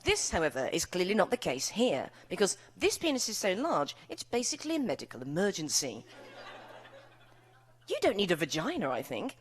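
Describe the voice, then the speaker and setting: A woman's voice: mid-range voice, breathy edge. A British woman author speaking at a live event, then reading her novel aloud with wry, bawdy comic delivery. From United Kingdom. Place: live event before an audience.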